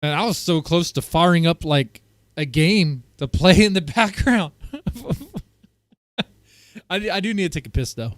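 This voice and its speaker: A man's voice: fairly high pitch, lively intonation, measured pace, no room sound, clean studio sound. A man streaming and reacting to clips, talking casually with a crude, mocking, rambling manner.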